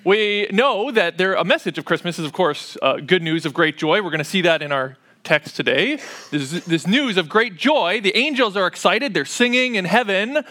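A man's voice: high-pitched, expressive, normal speed, sharp tone. A man preaching a sermon in a church, conversational and sprinkled with "uh" fillers. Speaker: pastor.

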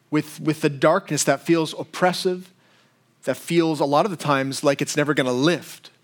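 A middle-aged male pastor gives a sermon, talking to his listeners as if in conversation. His voice sits a little high for a man. He throws in quick shifts of voice when he acts out a story. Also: fairly bright tone. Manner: conversational, retells a comedy sketch with quick voice shifts.

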